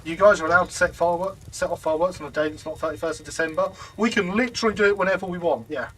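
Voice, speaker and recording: A man's voice: high voice, racing, a bit bright, husky. A man hosting a casual gaming stream, joking and reading out chat messages. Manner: jokey, reads out live chat. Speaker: streamer host.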